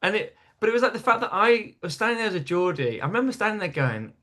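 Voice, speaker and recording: A man's voice: high-pitched, very animated, quick pace, pushed and bright. A man from North East England, a stand-up comedian, telling stories in a casual podcast chat with frequent restarts. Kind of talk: storytelling in casual interview.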